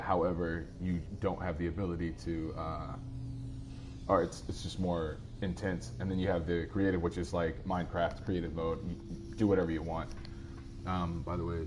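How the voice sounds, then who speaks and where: A man's voice: deep voice, noisy background. A man casually chatting with viewers while he plays a game live, easygoing and rambling as he answers their comments. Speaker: streamer playing a game live.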